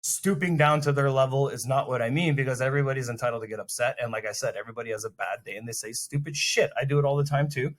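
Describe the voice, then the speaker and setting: A man in casual podcast chat, talking animatedly and acting out what people say. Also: mid-range voice. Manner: animated, fast, acts out quoted lines. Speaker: podcast co-host.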